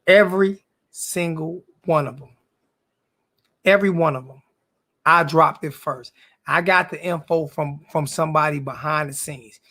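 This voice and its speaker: A man with a high-pitched voice and a gravelly crackle rants back at his live-stream chat. He talks like a sports YouTuber who is confrontational, says the same line again and again, and leans on profane slang. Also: a little slow, sharp tone.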